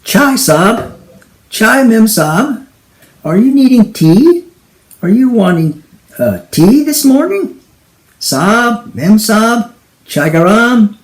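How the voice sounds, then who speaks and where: A man voicing a cheerful, pushy Indian tea seller in a high, sing-song hawker call with a put-on Indian English accent. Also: sing-song, slow, long pauses, echoey room, full character voice. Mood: wheedling.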